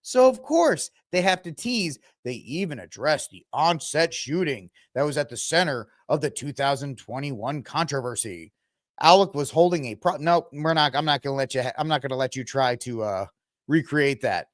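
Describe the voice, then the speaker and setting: A man's voice: mid-range voice, normal speed, dry recording, clean studio sound. A man hosting a casual commentary podcast, sarcastic and mocking, often putting on voices to quote people. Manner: sarcastic, animated, mocking voices when quoting. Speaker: podcast host.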